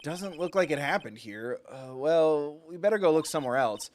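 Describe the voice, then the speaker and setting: A man voicing an earnest young defense lawyer in his own plain voice, reading quickly. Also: fairly high pitch, expressive, a little hiss or hum, close to an everyday voice. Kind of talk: reading game dialogue aloud.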